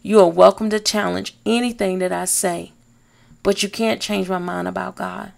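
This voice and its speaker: A woman hosting a faith podcast, speaking in a slow, emphatic, encouraging way. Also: mid-range voice, steady tone, creaky. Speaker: podcast host. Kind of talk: inspirational faith talk.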